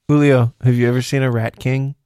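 Give me a deadpan, teasing man hosting a beer podcast, in a dry, close recording. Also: medium pitch, clean tone, no room sound. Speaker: podcast host. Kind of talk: casual beer-tasting chat. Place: recording studio.

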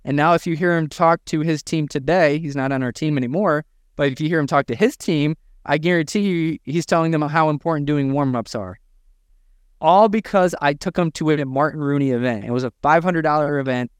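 This business podcast co-host has a fairly high, smooth voice and a fairly quick pace, recorded at studio quality with no room sound. He preaches emphatically to gym owners, energetically acting out quotes as he advises them.

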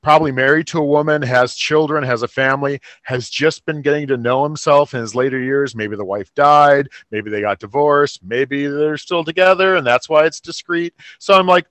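A chatty middle-aged man with a slightly high voice tells a wry podcast anecdote and acts out his reactions as he goes. The recording is dry and close, with no room sound. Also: moderate pace, few pauses, fairly bright tone, dry recording. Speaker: podcast co-host. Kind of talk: casual chat.

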